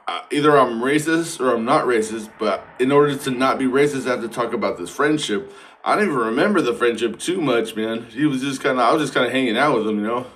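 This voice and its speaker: A man's voice: mid-range voice, fairly bright tone. Man in a meandering, profane monologue. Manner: meandering, stream-of-consciousness, profane; casual, filler-heavy, self-interrupting. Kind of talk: rambling monologue.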